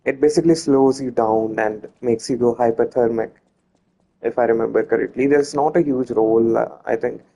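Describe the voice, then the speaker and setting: A man gives a relaxed let's-play commentary, speaking straight to his viewers as he plays. His voice is mellow and slightly husky, and he often trips over and restarts his sentences. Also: mid-range voice, moderate pace, rough recording. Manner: chatty, self-correcting, talks to viewers. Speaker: gameplay commentator.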